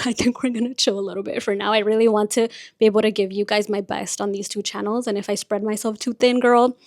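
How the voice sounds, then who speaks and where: A woman's voice: mid-range voice, no echo, studio quality. A young woman whose first language is Spanish, hosting her podcast in a chatty, confiding way, often saying "like" and "you guys". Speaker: podcast host. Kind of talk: casual chat.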